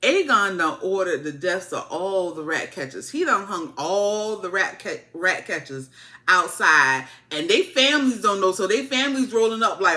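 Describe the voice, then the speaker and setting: A woman giving a casual, animated, colloquial TV episode recap, repeating her points for emphasis. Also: mid-range voice, moderate pace. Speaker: TV show reviewer.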